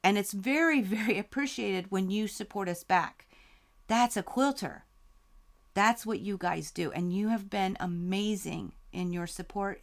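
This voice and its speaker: A woman hosting a live quilting Q&A stream, talking heartfelt and grateful while reading out viewer comments, close to tears. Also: medium pitch. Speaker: quilting channel host.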